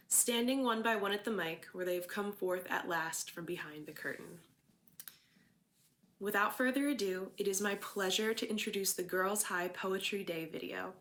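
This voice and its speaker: Measured woman teacher with a Philadelphia accent. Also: medium pitch, fairly bright tone. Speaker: English teacher introducing a school assembly. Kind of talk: formal address and poem recitation.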